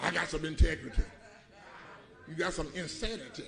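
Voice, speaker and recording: A middle-aged man preaching a sermon, telling a comic story in a folksy, animated way with loud bursts. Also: on the high side, moderate pace, creaky, roomy sound. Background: congregation laughing.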